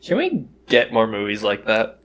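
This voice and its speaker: A man's voice: lowish voice, wildly swooping pitch, normal speed, fairly bright tone. A young man co-hosting a casual podcast, teasing dryly and telling nostalgic stories. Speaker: podcast co-host. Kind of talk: casual chat.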